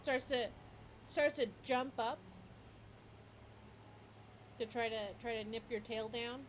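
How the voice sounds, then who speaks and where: Upbeat woman game master, bit high, narrating. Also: slow, a little hiss or hum, low-quality recording. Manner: lively, stumbling narration with frequent restarts.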